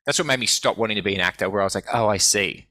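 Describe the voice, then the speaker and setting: Forceful, profane man telling stories. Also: on the low side, rapid-fire, no echo. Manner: swearing, animated anecdotes acting out quoted voices. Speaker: guest. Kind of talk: casual storytelling.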